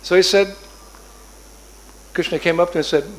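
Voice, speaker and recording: A man's voice: high-pitched, normal speed. Man telling a sacred story in a sermon. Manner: animated storyteller who acts out voices. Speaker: preacher.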